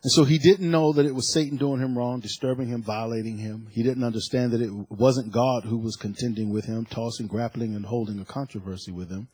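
A man preaching a sermon, repeating phrases and swinging from quiet asides to loud, emphatic cries. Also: medium pitch, steady tone, brisk, hardly any pauses, slightly rough, dry recording. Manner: preaching with call-and-response phrasing.

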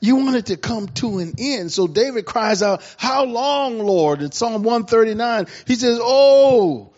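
A middle-aged man preaching a sermon in a lively, conversational way, acting out the quoted voices of the people in his stories. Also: high-pitched, moderate pace, lo-fi sound. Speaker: pastor.

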